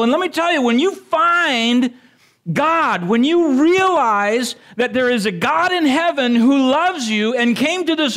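A male pastor preaches in a high, lively voice that leaps up and down. He trades jokes with the congregation and then climbs to fervent, excited declarations. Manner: animated, rising to exclamations; jokey asides to the congregation. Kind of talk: sermon.

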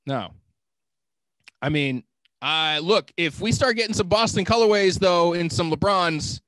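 A man's voice: sits high, expressive, unhurried, fairly bright tone, dry recording. A man co-hosting a podcast, arguing his points in casual, joking chat with some swearing. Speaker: podcast co-host.

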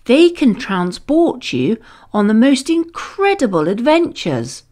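A woman voicing a gentle father coaxing his little boy to sleep. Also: on the high side, very animated, takes it slowly. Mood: soothing. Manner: coaxing, soothing.

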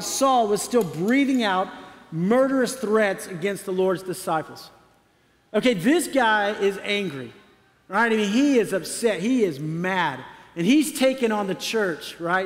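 Pastor, male, high voice, chatty sermon delivery, reverberant hall. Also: lively intonation, measured pace. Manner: conversational preaching, asks the audience questions.

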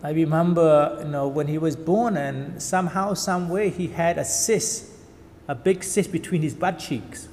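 A man preaching in with heartfelt emotion, pausing and repeating words, in short bursts for an interpreter. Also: a little high, a little mellow, slight background noise. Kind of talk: sermon with live interpretation. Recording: church hall reverb.

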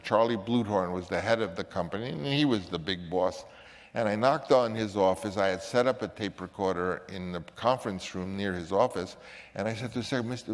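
An older man with a fairly low voice tells a story in an interview, animated and lively, acting out other people as he goes. His voice trails off in a long reverb, as if in a large space. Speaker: filmmaker recalling a casting story.

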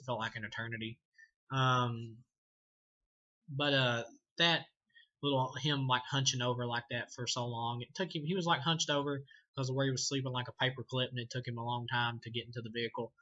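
A man's voice: mid-range voice, pushed and bright, dull audio. A man casually reviewing a movie, rambling, swearing and laughing often as he talks. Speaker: film reviewer.

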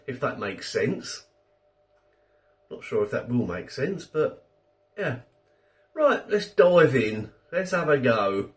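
A man's voice: mid-range voice, very animated, slow pace, pauses often, recorded from a distance. A middle-aged British man hosting a casual food review, chatty and self-deprecating with rambling asides. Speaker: food reviewer, channel host.

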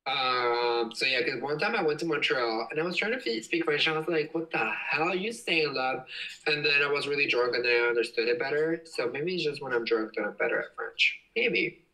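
A young man rambles through a casual home livestream, giggling often as he reads comments. His voice is bright and bounces around a lot in pitch. He sounds like he is set back from the device mic. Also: expressive, brisk, far from the mic, low-quality recording. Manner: giggly, rambling, frequent laughs. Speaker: livestream host.

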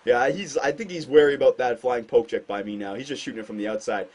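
A man doing casual gameplay commentary on a hockey shootout, excitable and self-mocking, with sudden outbursts. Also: mid-range voice, fast. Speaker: gaming commentator.

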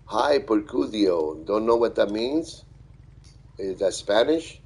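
A man live streaming, reading viewer comments aloud and thanking them in a halting, friendly way. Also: on the low side, lively intonation, a little mellow, breathy edge, poor audio. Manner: halting, with many fillers and restarts. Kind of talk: casual live-stream chat.

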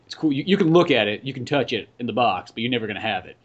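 A man's voice: mid-range voice, lively intonation, rapid-fire, dull audio. A man co-hosting a podcast in casual chat, laughing often and acting out quoted voices. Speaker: podcast co-host.

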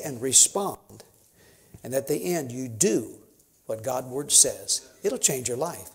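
Man in his fifties, missionary preacher, folksy chat rising to emphatic sermon, mid-pitched voice, church. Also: expressive, takes it slowly. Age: 50s. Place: church sanctuary.

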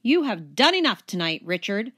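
Woman doing a shrill, exasperated ballet teacher. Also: very animated, moderate pace, a bit bright. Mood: weary. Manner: shrill, theatrical. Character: stern female ballet teacher, dramatic, exasperated.

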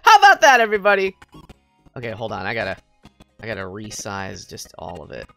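A woman livestreaming a game, chatting with viewers in a bubbly, goofy way, jumping between squeals and quiet mutters. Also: a bass voice, big pitch swings, brisk. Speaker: VTuber game streamer. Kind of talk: casual livestream chat with viewers. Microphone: headset mic. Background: faint game music.

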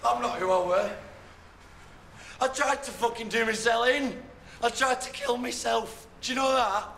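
Young man, distraught and sweary, high bright voice, roomy room sound;. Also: normal speed, vocal fry, full character voice. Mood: desperate. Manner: sweary, pleading and shouting in distress. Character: heartbroken young man raging at his friends. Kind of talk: television drama acting. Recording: roomy with background noise.

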